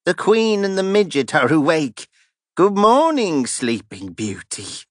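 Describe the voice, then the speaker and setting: A man voicing a crude, brutish male forest thief who jeers and mocks loudly. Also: mid-range voice, unhurried, clear, resonant tone, dry recording, clean studio sound, natural voice. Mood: jeering. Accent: crude regional accent put on. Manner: jeering, mocking, shouting.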